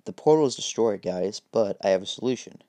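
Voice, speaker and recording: A man voicing an eager young hero boy in a homemade game story, speaking up louder and more excitedly than his narration. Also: lowish voice, a little fast, close to an everyday voice.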